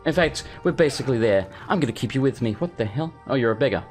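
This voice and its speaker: A man's voice: medium pitch, quick pace, faint music behind. A man from England hosting a let's play, giving casual, rambling commentary full of swearing and side rants. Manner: rambling, swearing, animated asides.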